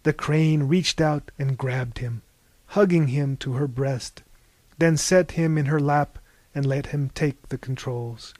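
A man reads a story aloud in a slow, deliberate, expressive manner. His voice sits a little high for a man. The recording is dry and close, with almost no room sound. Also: no echo. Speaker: narrator. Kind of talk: audiobook narration.

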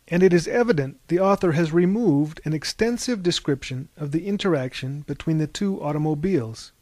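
A man's voice: on the high side, a little mellow, no echo. A man reading an audiobook in a wry, mock-epic storytelling tone. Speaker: audiobook narrator. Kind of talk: scripted narration.

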